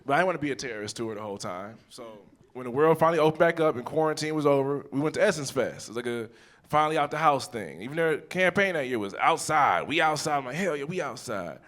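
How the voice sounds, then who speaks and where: A man doing stand-up comedy on stage, telling a long personal story with quick asides and acting out both sides of an argument. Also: a little high, a bit bright. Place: stage before a live audience. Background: audience laughter.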